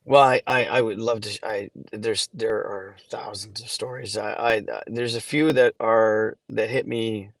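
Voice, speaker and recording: A man in his forties with a gravelly, fairly level voice, recorded dry and close. He tells his stories haltingly, with frequent restarts, and gets emotional as he goes. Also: fairly low pitch, steady tone, dry recording. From Canada. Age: 40s. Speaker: charity founder guest. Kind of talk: podcast interview storytelling.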